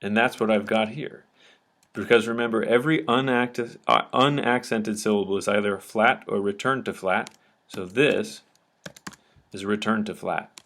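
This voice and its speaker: A man's voice: on the low side, steady tone, moderate pace, fairly bright tone. A man teaching a lecture-style lesson, explaining patiently step by step and often checking that listeners follow.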